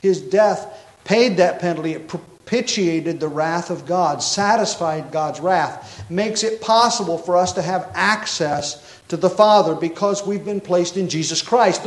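A man's voice: high voice, animated, measured pace. A man pastor preaching an expository sermon, emphatic and explanatory, with frequent self-corrections. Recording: echoey room.

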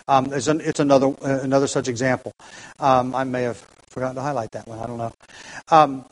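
A man leads a relaxed Bible study, pausing often and restarting his sentences. His voice sits in an ordinary middle register, and he keeps asking the class to find passages. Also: medium pitch, poor audio. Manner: halting, with many fillers and restarts, asks the class for verses. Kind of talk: casual Bible class lecture.

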